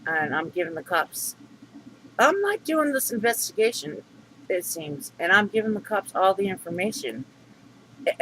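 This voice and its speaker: A man's voice: sits high, sharp tone, a little hiss or hum, poor audio. A middle-aged man venting to camera in a rambling, aggrieved vlog monologue full of fillers and restarts. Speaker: vlogger.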